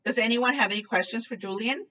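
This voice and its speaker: A woman's voice: on the high side, quick pace, pushed and bright, far from the mic, highs cut off, voice pushed up. A woman voicing a cheerful middle-aged female homeroom teacher, speaking in an upbeat, encouraging way.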